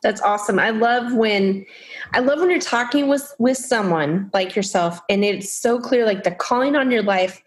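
A woman's voice: fairly high pitch, normal speed. A woman hosting a faith podcast, asking reflective questions and affirming her guest. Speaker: podcast host. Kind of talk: conversational interviewing.

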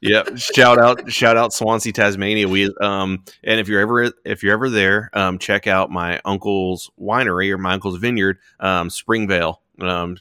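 A man's voice: fairly low pitch, steady tone, moderate pace, few pauses, bright, forceful tone, clean tone, no echo, clean studio sound. A man in his thirties, raised partly in Australia, chatting casually on a podcast, laid-back and often swearing. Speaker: podcast host. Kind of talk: casual chat.

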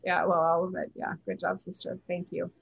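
A woman's voice: lowish voice, flat delivery, fairly quick, gravelly, husky. A woman hosting a live call, speaking emphatically as a channeler who repeats her words. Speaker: host and channeler. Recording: dull lo-fi audio.

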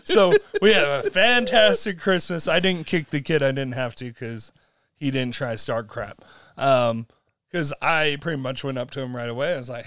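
A man's voice: mid-range voice, normal speed, no echo, clean studio sound. A young man casually telling a long story, laughing often and acting out the people in it. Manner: animated storytelling with laughs and acted-out quotes. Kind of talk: casual chat.

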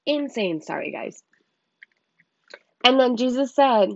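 A woman hosting a podcast episode of casual Bible teaching. She talks in an excitable, rambling way, with many exclamations, on a slightly muffled lo-fi recording. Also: fairly high pitch, slow, vocal fry, long pauses, no echo. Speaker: podcast host.

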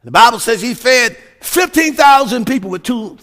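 Fervent high-voiced male preacher. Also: animated, moderate pace. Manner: fervent, shouts emphasis, frequent hallelujahs. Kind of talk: sermon.

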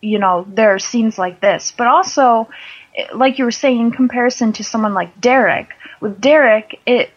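A woman co-hosting a casual fan podcast, relaxed and laughing through her stories. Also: a little high, normal speed. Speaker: podcast co-host. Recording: slightly dull lo-fi audio.

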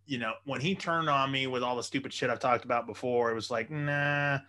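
A man's voice: mid-range voice, quick pace, bright, forceful tone. A man in casual chat who tells rambling stories and swears freely; he is hoping to buy a comedy club. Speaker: would-be comedy club owner.

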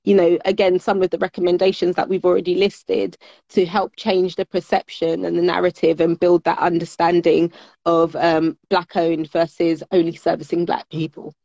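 A woman with a British accent speaks as an interview guest in a low, even, fairly flat voice. She sounds measured and articulate and uses a lot of fillers. The audio is dry and a little dull, like a remote call recording. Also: vocal fry, no echo. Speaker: guest, business network founder. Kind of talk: conversational interview.

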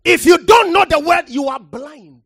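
Passionate preacher mid-sermon: high, swooping pitch, slow measured pace, calls for the crowd to answer back. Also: lively intonation, vocal fry, dry recording, studio quality. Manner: impassioned, shouting for emphasis with sudden drops to quiet; calls for audience response.

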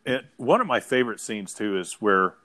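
A man's voice: fairly low pitch, moderate pace. A middle-aged man co-hosting a podcast, chatting casually about a film and quoting its lines. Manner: relaxed storyteller, quotes film lines. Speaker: podcast co-host. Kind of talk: casual movie chat.

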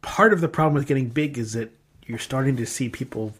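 Husky-voiced man in casual chat. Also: mid-range voice, brisk.

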